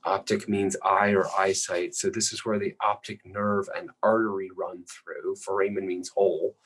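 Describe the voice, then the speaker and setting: A man with a very low voice teaches anatomy in a plain, patient way, sketching as he goes and clearing his throat now and then. A faint hiss sits under the recording. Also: level tone, moderate pace, fairly bright tone, poor audio. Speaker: anatomy lecturer. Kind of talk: recorded lecture while drawing.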